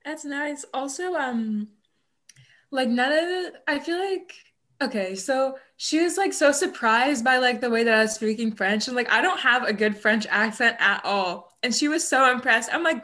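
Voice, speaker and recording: A woman's voice: sits high, lively intonation, normal speed, sharp tone. A teenage girl co-hosting a podcast, chatting casually and filling her talk with "like" and small laughs. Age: teens. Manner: chatty, many "like" fillers, laughing asides. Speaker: podcast co-host. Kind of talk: casual chat. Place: home, online call.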